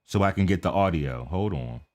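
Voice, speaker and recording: An American man giving casual, talkative commentary on a live stream. He keeps checking in with "okay?" and mutters quietly to himself while he sets things up. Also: low-pitched, expressive, fairly quick, a loud crowd. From United States. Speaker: reaction video streamer.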